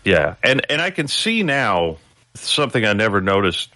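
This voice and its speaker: A man's voice: fairly low pitch, sing-song, normal speed, pushed and bright, no echo. A man guest-hosting a podcast, talking in a casual, thoughtful and wry way. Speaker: guest co-host.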